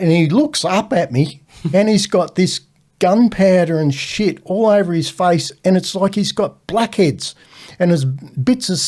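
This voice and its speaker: An older man with an Australian accent telling stories as a podcast guest, animated and laughing as he spins a yarn. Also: sits high. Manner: animated yarn-spinner who laughs at his own stories. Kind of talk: casual storytelling.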